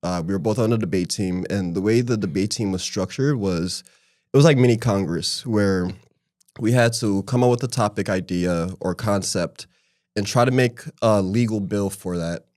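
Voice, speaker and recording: A man around thirty talks as a podcast guest in a fairly low voice, relaxed and joking. The sound is dry and close, with no room echo. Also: normal speed. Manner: laid-back, joking, relaxed storytelling. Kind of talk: casual podcast chat.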